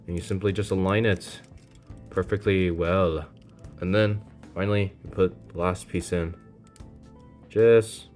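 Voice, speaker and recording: Guy reviewing a model kit, kinda low voice, goofy and apologetic, quiet music in the back. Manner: playful and self-deprecating, often exclaims "boom". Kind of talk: casual hands-on product review.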